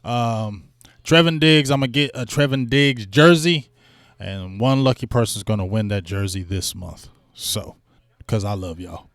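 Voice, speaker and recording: A sports talk livestream host with a voice on the low side speaks a little slowly, with no room sound. He still comes across animated, chatting in slang and hyping up viewer donations.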